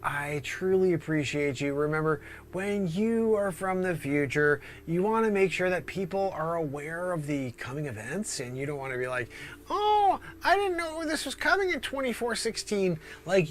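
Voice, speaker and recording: A man hosting an improv comedy livestream answers chat questions fairly quickly with few pauses, his animated delivery jumping up into high voices and dipping into whispers.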